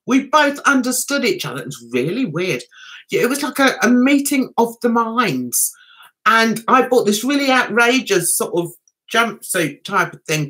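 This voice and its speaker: Middle-aged woman, livestream host, giggly chat, high lively voice. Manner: giggly and chatty.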